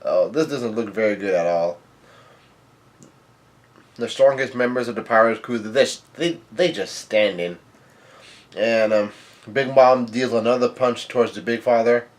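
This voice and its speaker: A man's voice: medium pitch, unhurried, pauses often. A man giving a casual recap of a comic chapter, reading hesitantly with frequent stalls and restarts. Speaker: manga reaction YouTuber.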